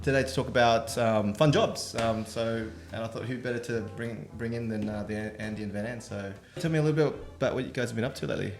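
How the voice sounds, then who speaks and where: A man's voice: mid-range voice, fast, vocal fry, hardly any pauses, echoey room, soft background music. A man hosting a casual podcast, easygoing and loose, with many ums and laughing along with his guests. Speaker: podcast host.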